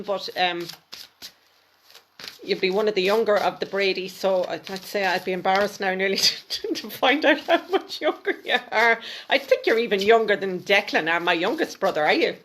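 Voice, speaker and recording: A woman's voice: medium pitch, slight background noise. A woman, a spiritual mentor, giving intuitive card readings on a live stream and speaking fondly to each viewer by name. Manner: warm, affectionate, speaks directly to viewers by name. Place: home, at a table with cards.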